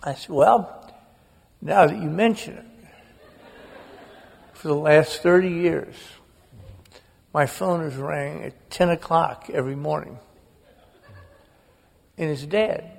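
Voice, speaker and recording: A man's voice: fairly high pitch, slow pace, creaky, pauses often, a faint crowd. An older man, a guest author, telling a humorous, self-mocking family story on stage in a large auditorium. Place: large auditorium before an audience. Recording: long reverb of a big hall.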